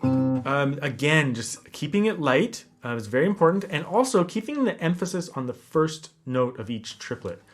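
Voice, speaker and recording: A man giving a classical guitar lesson, explaining technique in a relaxed way and counting beats aloud. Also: on the high side, normal speed. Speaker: guitar teacher. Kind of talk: instructional lesson talk. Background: classical guitar playing.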